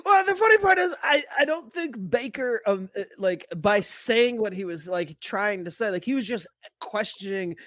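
A man co-hosting a podcast, chatting casually about football, animated and profane, laughing often. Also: high-pitched, normal speed, dry recording. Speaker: podcast co-host. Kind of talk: casual sports chat.

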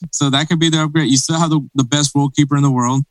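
A man's voice: on the high side, steady tone, fast, no echo, rough recording. A man co-hosting a casual sports podcast, talking in rambling bursts full of restarts. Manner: rambling, many restarts and fillers. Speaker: podcast co-host.

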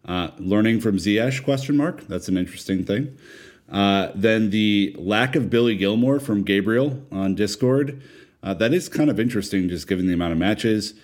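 A man co-hosting a casual podcast, reading out listener comments in a relaxed way with fillers. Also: on the low side, normal speed. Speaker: podcast co-host.

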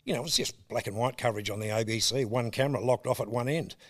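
An Australian man in his sixties telling stories as a guest, animated and often laughing. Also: medium pitch, fast talker. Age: 60s. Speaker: guest, comedian. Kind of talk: casual storytelling interview.

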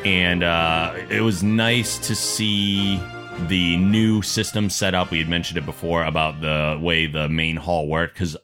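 A man's voice: low-pitched, fairly even intonation, unhurried, bright, forceful tone, faint music behind. A man hosting a podcast, laid-back as he recaps events in casual chat. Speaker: podcast host.

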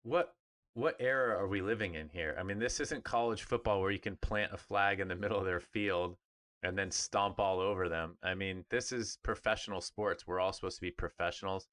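A man's voice: deep voice, brisk. A middle-aged man, a former pro player, co-hosting a sports podcast in casual, emphatic chat. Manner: animated, emphatic, mimics others in funny voices.

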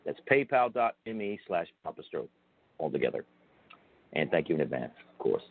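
A man's voice: extremely low pitch, big pitch swings, fairly quick, slightly rough, no echo. A man hosting a radio talk show, speaking casually and loosely with plenty of fillers. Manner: laid-back, filler-heavy. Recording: tinny phone-like radio audio.

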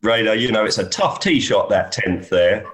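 A man's voice: lowish voice, lively intonation, moderate pace, a bit bright. A man, a golf caddy, telling anecdotes in a casual chat and often laughing as he talks.

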